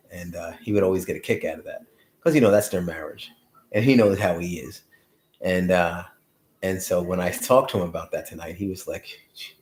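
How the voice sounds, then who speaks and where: A man's voice: low-pitched, a little mellow, echoey room. A man hosting his own show, talking casually and rambling with restarts as he recounts family talks. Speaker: show host. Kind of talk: casual talk to camera.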